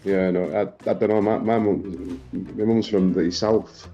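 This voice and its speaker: A man's voice: deep voice, fairly even intonation, a little slow, dark tone, highs cut off, faint music behind. A man chatting casually during a game over voice chat, bantering, repeating himself and swearing. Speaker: gamer on voice chat. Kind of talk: casual chat while gaming.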